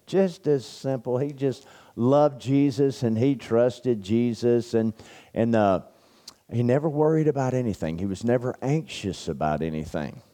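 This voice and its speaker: A man's voice: medium pitch, dark tone. A man speaking at a men's church camp, telling stories in a folksy, anecdotal sermon with lots of fillers. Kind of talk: storytelling sermon.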